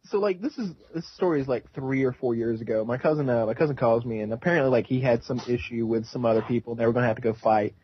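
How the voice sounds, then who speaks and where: A man's voice: medium pitch, fast talker, few pauses, slightly rough. A young man in casual chat, eagerly telling a story and acting out the quotes. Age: young adult. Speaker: podcast co-host. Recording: dull lo-fi audio.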